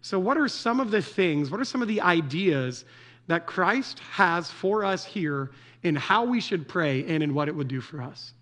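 A man's voice: sits high, lively intonation, normal speed, a bit bright. A man preaching a conversational sermon to a congregation, joking and often checking in with "right?". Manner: casual, joking, asks the audience "right?" often.

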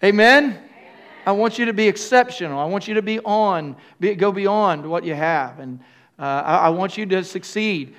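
A man's voice: high voice, a bit bright. An older male pastor preaching a sermon, calling on the congregation to answer back and often stopping to restart his phrases. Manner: call-and-response with the congregation; halting, with restarts and fillers.

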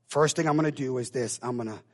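A man preaching a sermon to a church, lively and dramatic, acting out the voices of the figures in his story and rising at times to a shout. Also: medium pitch, fast. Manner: animated, acts out biblical voices, builds to shouts. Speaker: pastor.

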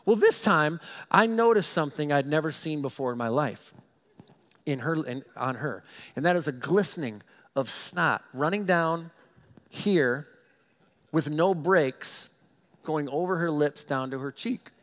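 Middle-aged pastor guy, high voice, animated funny sermon story, keeps repeating words. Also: unhurried. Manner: animated, self-mocking storyteller who stumbles and repeats words.

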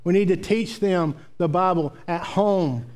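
High-voiced preacher, folksy and emphatic. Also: male voice, measured pace, darkish tone. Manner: folksy storytelling, emphatic repetition. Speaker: pastor. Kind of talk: sermon.

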